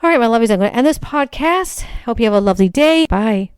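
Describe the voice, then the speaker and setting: A woman's voice: on the high side, expressive, fast, smooth, dry recording, clean studio sound, faint music behind. A woman hosting her own podcast, talking in a candid, frustrated, confessional way, emotionally raw. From Michigan, USA. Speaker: podcast host. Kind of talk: casual personal monologue.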